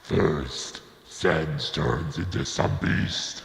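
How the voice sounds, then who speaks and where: A sinister demon growls in a very raspy, gravelly voice. The sound is pitched far down and washed in reverb. Every word is drawn out in a slow, menacing crawl. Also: male voice, heavily acted. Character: sinister male demon from a game.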